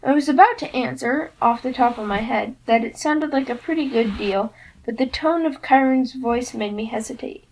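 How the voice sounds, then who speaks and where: A woman narrating a novel aloud in an expressive first-person storytelling manner. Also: on the high side, moderate pace, a little hiss or hum, rough recording.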